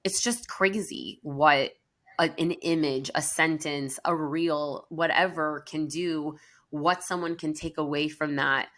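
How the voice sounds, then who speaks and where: Low-voiced woman counselor chatting. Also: steady tone, takes it slowly, fairly bright tone. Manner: earnest, chatty, many fillers. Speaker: podcast co-host, counselor. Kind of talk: casual podcast conversation.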